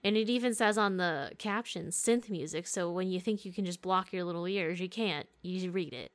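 A woman's voice: fairly low pitch, moderate pace. A young adult woman hosting a podcast, retelling a film in casual chat, candid and laughing often, with casual swearing. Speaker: podcast host.

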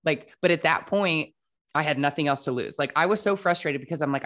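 On a podcast, a woman guest chats casually through her personal story, leaning on "like" and dramatizing quoted dialogue. Her low-pitched voice is fairly bright and a little fast.

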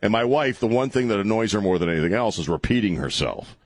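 A middle-aged man talks in a casual, self-mocking way, and his voice sits very low. The sound is dry and close, with no room around it. He keeps turning questions back to his guest. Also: fast, no echo. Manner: relaxed, self-deprecating, asks follow-up questions. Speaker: podcast host. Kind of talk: casual chat.

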